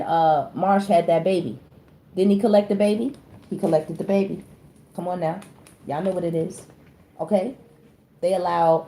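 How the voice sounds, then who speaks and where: A woman's voice: medium pitch, warm tone. A woman tarot reader, giving casual, emphatic celebrity commentary and often checking in with her viewers. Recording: echoey room, faint background noise.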